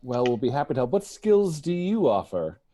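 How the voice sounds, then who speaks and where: A man plays a tabletop game, joking playfully. His pitch moves up and down a lot. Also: very animated, moderate pace, warm tone. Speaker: player.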